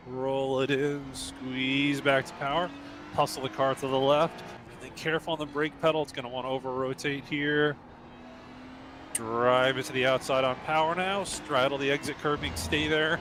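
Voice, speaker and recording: Man giving terse driving instructions over engine noise. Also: mid-range voice. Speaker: racing driver and coach. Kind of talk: live-stream driving commentary. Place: sim racing club, indoors.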